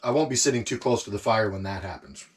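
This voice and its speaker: A man filming a relaxed camp cooking vlog inside an ice fishing tent, savoring his food and talking with his mouth full. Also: on the low side, fast, slightly rough. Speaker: outdoor vlogger.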